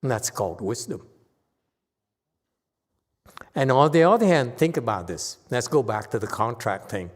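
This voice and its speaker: A man with a Chinese accent giving a Buddhist Dharma talk, explaining ideas slowly and often checking with his listeners. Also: medium pitch, big pitch swings, big-room sound. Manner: slow, conversational teaching with frequent "okay?" checks. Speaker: Buddhist meditation teacher. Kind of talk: Dharma talk with audience questions.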